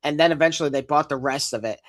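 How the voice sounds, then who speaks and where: A man's voice: on the high side, fast talker. A man co-hosting a casual podcast, giving blunt, wry opinions on TV and movies. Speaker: podcast co-host. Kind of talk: casual chat.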